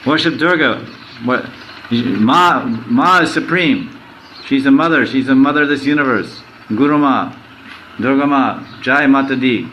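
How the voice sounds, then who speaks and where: A man's voice: medium pitch, unhurried, bright, forceful tone, slight background noise, poor audio. A man voicing a scornful man who jeers at devotees in a derisive way. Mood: mocking. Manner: jeering, derisive.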